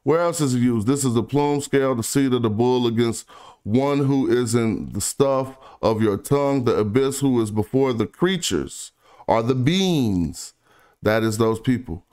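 A man with a speech pattern talks through his research in a relaxed, off-the-cuff way. His voice is smooth and resonant at a middle pitch. He reads passages slowly and trails off into low, quiet asides. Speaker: independent researcher presenting online. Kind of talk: casual screen-share research commentary.

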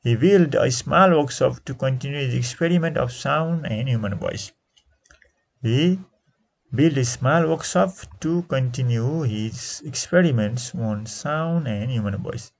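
A man with a Nepali accent teaching an English lesson, repeating each answer slowly and switching into Nepali to explain. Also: mid-range voice, creaky, breathy edge.

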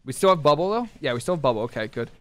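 A man streaming a competitive online game live, talking his teammates through the match in short clipped callouts and bursting into excited shouts. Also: on the high side, racing. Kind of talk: live gameplay commentary.

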